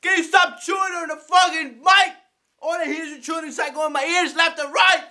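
A man's voice: fairly even intonation, rapid-fire, a bit bright. A man voicing a furious young male gamer who screams and swears at his microphone. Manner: shrill screaming, swearing nonstop. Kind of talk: comedy skit.

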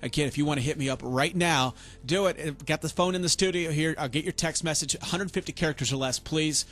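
A man hosting a late-night radio dedication show from the studio, with smooth, steady on-air patter. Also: fairly high pitch, a little fast, faint music behind.

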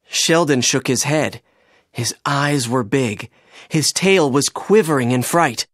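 A narrator reading a children's storybook aloud in an expressive, animated way. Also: medium pitch, slow, dry recording, studio quality.

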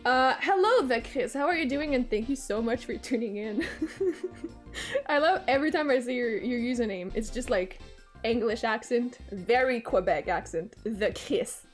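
A woman's voice: a little high, animated, normal speed, soft background music. A young woman streaming a game, chatting playfully with viewers and often breaking into giggles. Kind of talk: casual game-stream chat.

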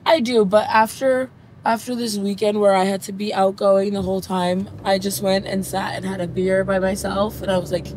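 A woman's voice: medium pitch, flat delivery, moderate pace. A young woman, a passenger, chatting casually, saying "like" a lot and laughing easily. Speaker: passenger and guest. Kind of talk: casual chat. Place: inside a car. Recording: noisy car interior.

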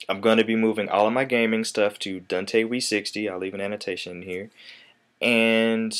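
A young man in his twenties gives his viewers a relaxed vlog update, rambling along with plenty of fillers. His voice is smooth and on the low side.

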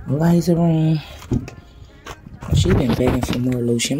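A woman's voice: very deep voice, normal speed, long pauses, background noise. A woman, chatting casually to her viewers while vlogging at home, calling them y'all. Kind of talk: casual chat to camera.

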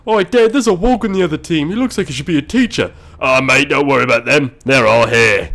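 A man's voice: a little high, fairly quick, vocal fry, a bit bright, pitched above the performer's own voice. A man putting on a brash, crude mock Australian voice as a joking game character.

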